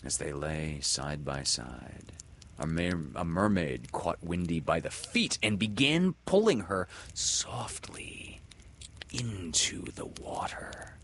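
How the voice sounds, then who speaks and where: Give me a slow, lively male narrator reading a children's story with a lowish voice. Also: vocal fry. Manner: expressive, swells and hushes with the story. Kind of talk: storybook read-aloud.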